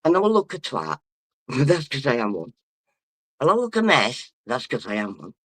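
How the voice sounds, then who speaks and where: A man's voice: mid-range voice, huge pitch swings, moderate pace, fairly bright tone, no room sound. A drunk man rambling and swearing as he chats on a livestream and reads out comments. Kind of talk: casual livestream chat, reading comments.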